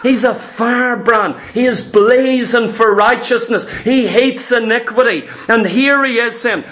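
Man, preacher, sermon, very high voice, bright tone, acts out voices. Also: takes it slowly. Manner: animated storytelling, acting out voices of disciples.

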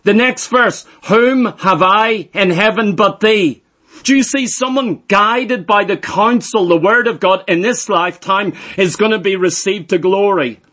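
High-voiced emphatic male preacher. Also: measured pace, bright, forceful tone. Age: middle-aged. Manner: emphatic, repeats phrases for stress. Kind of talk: sermon.

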